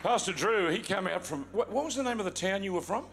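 Jovial Australian man, high voice, teasing banter from the pulpit, live church recording with a noisy congregation behind. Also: lively intonation, fast talker, gravelly, crowd noise. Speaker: guest pastor. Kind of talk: sermon opening with banter. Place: large church auditorium with congregation. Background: congregation noise.

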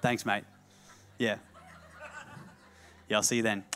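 A preacher playing a young Joseph as an over-the-top Australian bloke, chatting casually to a mate on the phone. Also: male voice, fairly low pitch, little pitch movement, takes it slowly, bright, forceful tone. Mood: matey chatter. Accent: put-on Australian.

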